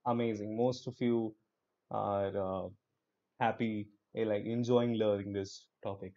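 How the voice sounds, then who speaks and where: Upbeat Indian English teacher, lo-fi audio. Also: male voice, lowish voice, fairly even intonation, measured pace, warm tone. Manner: upbeat, encouraging, mixes Hindi into English. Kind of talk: live online class.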